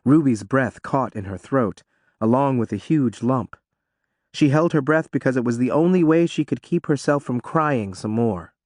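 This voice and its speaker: Animated male audiobook narrator. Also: mid-range voice, normal speed, no room sound, studio quality. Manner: expressive, animated reading.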